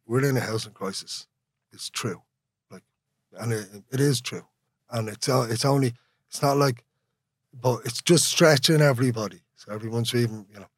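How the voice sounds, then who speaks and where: A man's voice: mid-range voice, darkish tone, no room sound. A man with an Irish accent talking as an interview guest, rambling and candid, laughing often and swearing freely. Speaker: guest, musician. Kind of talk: casual conversational interview.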